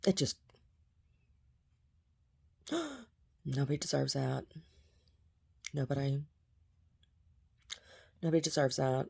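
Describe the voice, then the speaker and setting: A woman's voice: a bass voice, fairly even intonation, slow, creaky, pauses often, darkish tone. A woman vlogging in a blunt, profane, agitated rant to the camera. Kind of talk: casual vlog rant.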